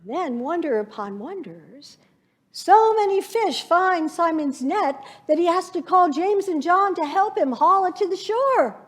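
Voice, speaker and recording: Slow-speaking woman preaching a sermon. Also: very high-pitched, lively intonation. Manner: slow, reflective preaching with vivid imagined scenes. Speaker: pastor.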